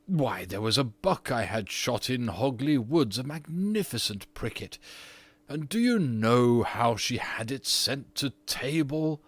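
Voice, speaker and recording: A man voicing a petulant, haughty aristocratic ghost of an English nobleman in an audiobook reading, often drawing his words out slowly. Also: medium pitch, sing-song, no room sound.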